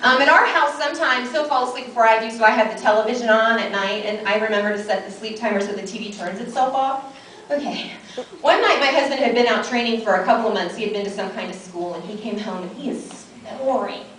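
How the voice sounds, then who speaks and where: A woman's voice: a little high, fast, slight background noise. A woman moderating a panel, telling a funny personal anecdote with frequent laughter. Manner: laughing, animated anecdote teller. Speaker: panel moderator and military spouse. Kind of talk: humorous personal storytelling. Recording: echoey hall, distant mic, audience.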